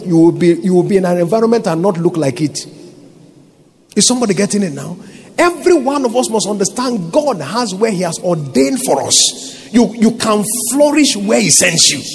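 High-voiced Nigerian preacher. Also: male voice, husky. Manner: call-and-response preaching, rising to shouts. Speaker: pastor. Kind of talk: sermon.

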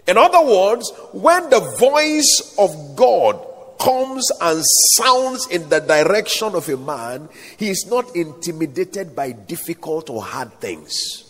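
A man preaching a sermon, calling for amens, with a sing-song, emphatic delivery and slow, drawn-out stresses. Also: high-pitched, sing-song, breathy edge, long reverb tail.

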